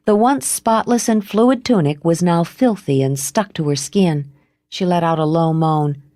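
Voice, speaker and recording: A woman reads a novel aloud in a low, measured voice, giving the prose an expressive lift. The recording is dry and close, with no room sound around her. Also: no echo. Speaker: audiobook narrator. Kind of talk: scripted narration.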